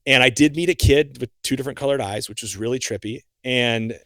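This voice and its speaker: A young man, a guest on a podcast, telling a story in a casual, animated way. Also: mid-range voice, a little fast, no echo, clean studio sound. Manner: animated, acts out his own reactions.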